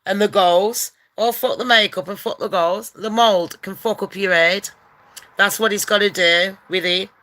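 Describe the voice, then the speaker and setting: A woman hosts a casual gossip vlog, talking in a brash, profane, rowdy way that bursts into loud rants. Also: mid-range voice, fairly even intonation, normal speed. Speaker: channel host.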